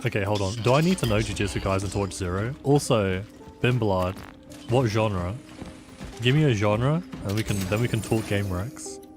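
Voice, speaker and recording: A guy with a lowish voice talks through a horror game live, blurting swears and quick reactions between asides to his chat. Game music plays clearly behind him. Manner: casual, reactive, swearing, chatting with viewers. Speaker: streamer. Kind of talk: live gameplay commentary.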